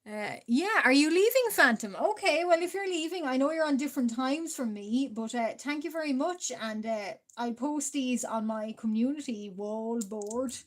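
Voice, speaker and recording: A woman's voice: high voice, lively intonation, normal speed, hardly any pauses. A woman with an Irish accent chatting hesitantly with her livestream viewers while she draws, with many fillers and frequent small laughs. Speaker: art livestreamer. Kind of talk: casual livestream chat while drawing.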